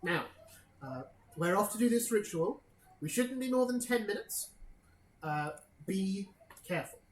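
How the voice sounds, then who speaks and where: A woman voicing a stern older female paladin commander who gives brisk orders, in an echoey room. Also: medium pitch, lively intonation, voice pushed up, natural voice. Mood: warning. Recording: echoey room with faint noise.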